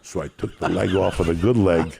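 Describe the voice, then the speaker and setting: Deep gravelly man telling raunchy tales. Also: steady tone, fairly quick, very noisy. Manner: brash, profane, builds to laughing shouts. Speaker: comedian telling a story. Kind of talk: raunchy podcast storytelling.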